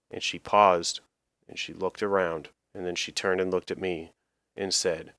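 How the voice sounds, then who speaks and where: Male comic storyteller, low and deadpan, dry close sound. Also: moderate pace, clear, resonant tone, dry recording. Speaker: storyteller and comedy host. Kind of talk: comedic storytelling monologue.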